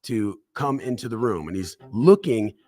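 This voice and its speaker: A man's voice: fairly low pitch, sing-song, moderate pace, darkish tone. A man giving a motivational talk, telling a personal story with dramatic pacing and acting out the voices of the people in it. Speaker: motivational speaker.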